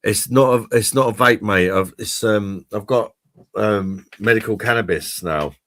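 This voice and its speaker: Bloke hosting his stream, low voice, kinda punchy tone, swears and laughs a lot, dry sound. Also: a little slow, a bit bright, dry recording. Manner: laid-back, sweary, laughs often. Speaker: host of a drinks review live stream. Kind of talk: casual live-stream chat.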